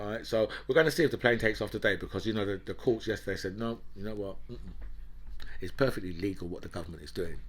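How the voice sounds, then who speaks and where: A man's voice: on the low side, a bit bright. Heated man ranting commentary. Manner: ranting, heated, peppers lines with "right?" and "you know". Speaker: political commentator and host. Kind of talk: opinionated commentary monologue.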